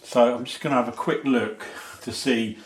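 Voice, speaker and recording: Man, low-key, matter-of-fact, echoey room, faint noise. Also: fairly even intonation, normal speed. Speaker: vlogger's partner. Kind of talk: casual chat.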